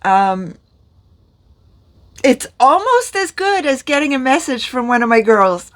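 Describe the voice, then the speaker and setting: A middle-aged woman vlogger talks at an unhurried pace in a loose, rambling way. She sounds tired and in pain, yet keeps breaking into self-deprecating laughter while she chats about her makeup. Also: on the high side, sing-song. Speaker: beauty vlogger. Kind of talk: chatty makeup vlog monologue.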